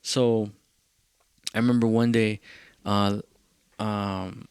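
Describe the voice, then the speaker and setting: A young man hosting a podcast, telling a rambling story in casual, profane talk and acting out what others said in quick bursts. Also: lowish voice, steady tone, clean tone, no echo. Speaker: podcast host.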